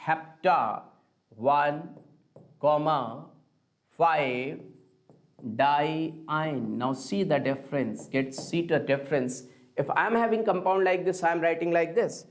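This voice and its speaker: A man teaching a live online chemistry class, talking slowly and repeating himself as he calls his students kids. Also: on the high side. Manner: slow, repetitive, addresses students as kids.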